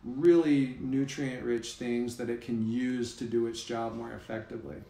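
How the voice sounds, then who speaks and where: A man, a health practitioner guest, explaining things in a measured, casual way. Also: mid-range voice, little pitch movement, gravelly, mellow, echoey room, slight background noise.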